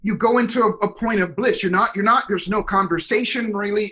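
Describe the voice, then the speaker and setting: A man telling stories in an interview, energetic and expressive, acting out the voices of people he quotes. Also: sits high, fairly quick, hardly any pauses, breathy edge, rough recording. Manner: energetic, expressive, acts out dialogue. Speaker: guest, performance coach. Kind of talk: animated storytelling interview.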